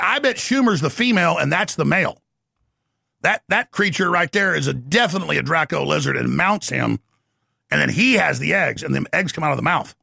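A man hosting a talk show, delivering an excitable rapid-fire ranting monologue with frequent shouting. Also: fairly high pitch, gravelly, no echo, clean studio sound.

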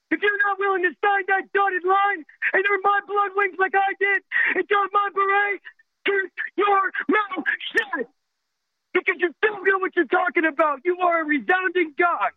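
A man's voice: very high-pitched, no echo. Impassioned male veteran caller on a tinny phone line. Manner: intense, pleading, voice cracking with emotion. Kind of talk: impassioned call-in rant.

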